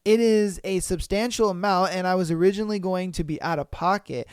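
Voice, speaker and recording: A man hosting a podcast, reading listener posts aloud and reacting with animated, slangy, profane commentary. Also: high-pitched, a little fast, few pauses, clear, resonant tone, no room sound, studio quality. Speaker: podcast host.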